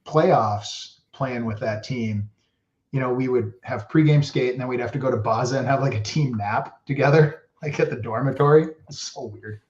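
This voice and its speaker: A man tells his stories in a loose, rambling way, leaning on "like" again and again. His voice sits at an ordinary middle pitch. The recording sounds roomy and slightly dull. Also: normal speed, darkish tone. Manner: rambling, heavy use of "like". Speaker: podcast guest, former hockey player. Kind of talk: casual storytelling. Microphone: podcast mic. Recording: roomy, dull lo-fi podcast audio.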